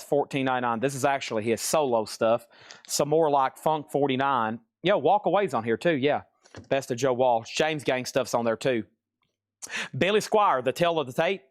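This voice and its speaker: A man's voice: mid-range voice, moderate pace, no room sound, clean studio sound. A man running a live vinyl sale, chatting in a folksy, rambling way and humming bits of songs. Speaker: live-stream record seller. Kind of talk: live sales stream chat.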